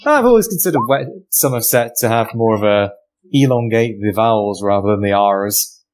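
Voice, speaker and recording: A man's voice: fairly low pitch, animated, moderate pace. A man playing in a tabletop game, chatting casually and teasing the game master. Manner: playful, teasing. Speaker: player.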